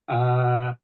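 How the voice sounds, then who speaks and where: A man playing in a tabletop game who talks haltingly and keeps correcting himself. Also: medium pitch, muffled recording. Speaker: player.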